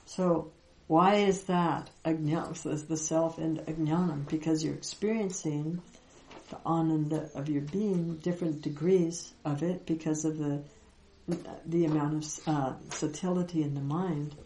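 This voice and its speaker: A woman giving a reflective spiritual teaching talk, gentle and unhurried, with soft laughs and pauses. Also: sits low, fairly even intonation, echoey room, rough recording. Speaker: Vedanta teacher.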